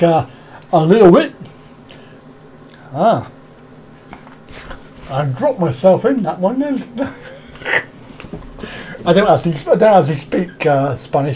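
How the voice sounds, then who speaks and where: A man's voice: a little high, a little mellow, slight background noise. A man hosting a casual live stream, rambling, chuckling often and answering viewers' comments one by one.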